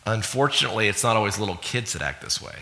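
A man preaching a sermon in an animated way, acting out little voices and laughing often as he talks to the congregation. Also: fairly low pitch, fast, creaky. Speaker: pastor. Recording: long hall reverb.

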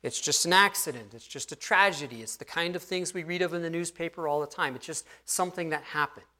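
Earnest male preacher, fairly high voice. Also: fast talker. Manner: earnest preaching, drops to a hushed tone for emphasis. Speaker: pastor. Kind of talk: sermon.

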